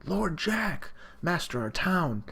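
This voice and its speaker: A man's voice: fairly high pitch, sing-song, slow, vocal fry, fairly bright tone, a little hiss or hum, pitched above the performer's own voice, full character voice. A man reading a huge, boastful male cat warrior who rules his land, in a proclaiming manner. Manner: proclaiming, declamatory.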